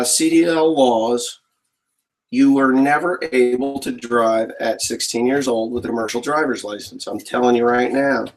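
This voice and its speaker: A man's voice: mid-range voice, a bit bright, a little hiss or hum, rough recording. A man, a farmer, casually answering viewer questions in a rambling, joking way. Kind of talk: casual live Q&A chat.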